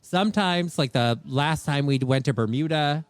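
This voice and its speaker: A man's voice: fairly high pitch, normal speed, smooth, dry recording. A man co-hosting a live comedic podcast, ranting and acting out people in exaggerated voices. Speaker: podcast co-host.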